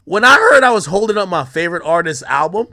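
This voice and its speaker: Animated young man telling a story. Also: high-pitched, quick pace. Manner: profane, quotes others in shifting voices.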